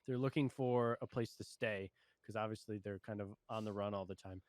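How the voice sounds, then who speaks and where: A man's voice: fairly low pitch, steady tone, a little fast, darkish tone, no echo. Easygoing young man recapping plot. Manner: easygoing recapping, laughs often, trails off to search for words. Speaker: show co-host reviewer. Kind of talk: casual review chat.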